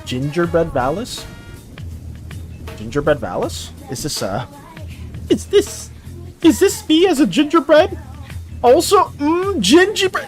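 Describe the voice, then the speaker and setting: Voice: mid-range voice, big pitch swings, takes it slowly, long pauses, soft background music. An art streamer chatting casually with viewers during a live stream, full of playful mock outrage and chatty filler.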